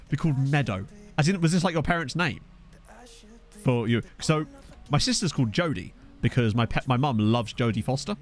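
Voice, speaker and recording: A young man chats casually as he streams a game, cracking jokes and riffing on the names in his chat. His pitch bounces around a lot, and faint music plays underneath. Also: lively intonation, normal speed, pauses often. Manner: jokey, riffing on viewers' names. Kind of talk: casual gameplay commentary reading chat.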